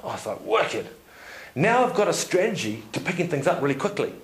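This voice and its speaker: A man giving a seminar talk to an audience, telling stories in an animated way, laughing often and checking in with "yeah?". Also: a little high, fast talker. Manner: animated storyteller, laughs often, tag questions. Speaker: seminar speaker. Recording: echoey room.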